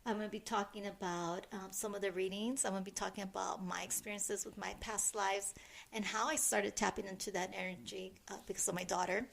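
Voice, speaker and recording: Middle-aged woman, podcast co-host, gravelly, soft and halting. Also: medium pitch, steady tone. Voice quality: soft, halting, many restarts. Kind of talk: casual chat.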